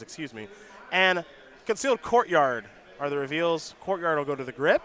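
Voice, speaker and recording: A man giving live play-by-play commentary on a card game tournament, brisk and joking, now and then tripping over card names. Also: on the high side, fairly bright tone.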